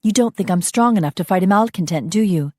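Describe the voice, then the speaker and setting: A woman's voice: medium pitch, animated, fast talker, warm tone, no echo, studio quality, close to an everyday voice. A woman voicing a determined young female investigator in an audiobook, talking eagerly with a defiant edge. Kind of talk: audiobook narration.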